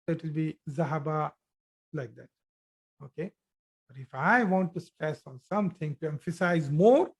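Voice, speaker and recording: Slow, patient male Arabic teacher. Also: sits high, darkish tone. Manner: slow, repeats and restarts phrases while explaining; addresses students directly. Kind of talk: online class explanation.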